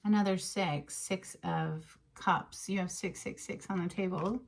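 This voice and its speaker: A woman giving a casual tarot card reading, chatty and emotional, sometimes dropping into breathy half-whispers. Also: lowish voice, fairly even intonation, unhurried. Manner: chatty and emotional, with frequent fillers and soft laughs. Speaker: tarot reader.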